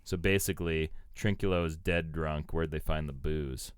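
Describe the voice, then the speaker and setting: A man's voice: extremely low pitch, fairly even intonation, normal speed, clean tone. A man co-hosting a podcast in a playful, jokey way, reading out research notes between asides. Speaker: podcast co-host. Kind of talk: casual chat.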